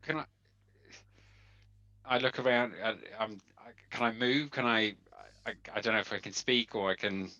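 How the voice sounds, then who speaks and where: A man takes part in a tabletop game as a player, his voice bright and clear. He asks questions hesitantly, starting over several times before getting them out. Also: fairly low pitch, steady tone, moderate pace, pauses often, dull audio.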